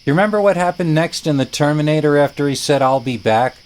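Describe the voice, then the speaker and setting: A wisecracking lumber store guy, as a storyteller puts him on, talking fast and teasing in a lively, rising voice. He sounds like an everyday worker in a spoken horror story. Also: a little high, pitched above the performer's own voice, close to an everyday voice.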